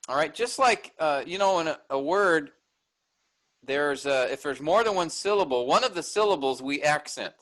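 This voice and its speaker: A man's voice: a little high, expressive, normal speed, fairly bright tone, poor audio. A man teaching an online workshop, explaining a text step by step and checking in with his listeners.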